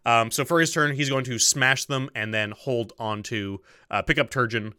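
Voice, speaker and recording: A man running a tabletop game as game master, relaxed and hesitant, explaining rules and narrating. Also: medium pitch, moderate pace, smooth, no echo, studio quality. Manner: relaxed, lots of ums and restarts, explains rules.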